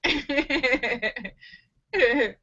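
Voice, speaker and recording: Giggly, bright-voiced woman hosting a live stream. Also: sits high, extremely slow, slightly rough, highs cut off. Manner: giggly, laughs often. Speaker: livestream host. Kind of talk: casual live joke reading.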